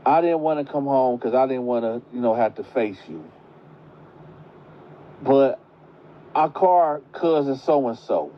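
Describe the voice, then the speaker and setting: A man's voice: medium pitch, a little hiss or hum, lightly acted. A man voicing a nervous young woman who stammers as she confesses. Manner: hesitant, stammering. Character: scared young woman confessing to her mother. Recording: muffled lo-fi recording.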